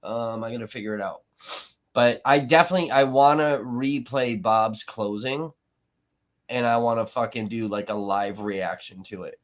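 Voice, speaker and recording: A man's voice: medium pitch, normal speed. A man hosting a live stream, talking casually in a profane, sarcastic, rambling way, sniffly from allergies.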